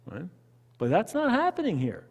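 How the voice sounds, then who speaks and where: A Canadian man teaches a Bible study in an animated, conversational style, often putting questions to his group. His voice sits high for a man. The room adds a long, lingering reverb. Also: moderate pace, gravelly, breathy edge. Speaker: pastor leading Bible study. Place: church hall.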